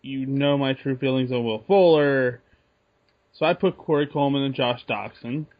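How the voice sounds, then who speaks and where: A man co-hosting a sports podcast, talking through his picks in a relaxed way. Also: mid-range voice, normal speed. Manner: relaxed, thinking aloud with restarts. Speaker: podcast co-host. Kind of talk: casual sports podcast chat. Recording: muffled lo-fi sound.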